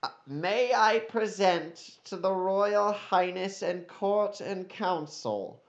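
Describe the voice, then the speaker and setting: A man voicing a formal royal court herald who announces in a pompous, drawn-out way. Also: high-pitched, muffled recording, pitched above the performer's own voice. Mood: ceremonious.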